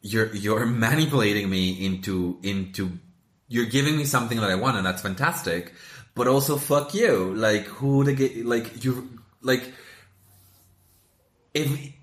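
Bright-voiced man chatting in an echoey room. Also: mid-range voice. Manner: rambling, self-interrupting, halting restarts. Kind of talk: casual chat.

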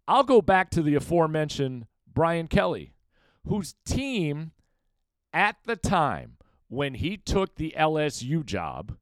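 Animated, opinionated male sports podcaster. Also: on the high side, clear, resonant tone, no room sound. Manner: opinionated, emphatic, rhetorical questions to listeners. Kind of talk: solo sports opinion commentary.

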